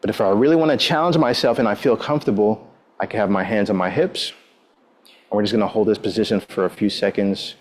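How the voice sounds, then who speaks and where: The instructor's voice is fairly low and a little mellow, and here he talks fast. He keeps the guided workout upbeat with encouraging cues, countdowns between moves, and a habit of saying "all right".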